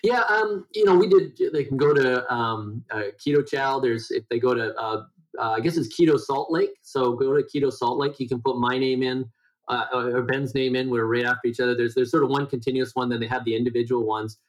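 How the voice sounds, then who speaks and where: A man's voice: fairly quick, low-quality recording. Middle-aged man, nasal voice, interview guest, rambling and full of fillers. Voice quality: self-described high nasal voice. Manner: rambling, many restarts and fillers. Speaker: guest health educator. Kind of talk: conversational interview.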